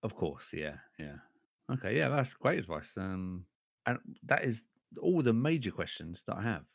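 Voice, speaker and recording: Deep-voiced podcast host, dry sound. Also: male voice, big pitch swings, normal speed, gravelly, dry recording. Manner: friendly, laughing, loses his train of thought. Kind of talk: casual podcast interview.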